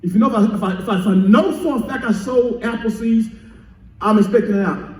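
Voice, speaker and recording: A man with a very high voice preaches a sermon in a church, leading the room in call-and-response. He repeats key phrases and moves from quiet teaching to shouted peaks. The sound is echoey and roomy. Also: fast talker, recorded from a distance. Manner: surges from soft teaching to shouted emphasis. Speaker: pastor. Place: church sanctuary.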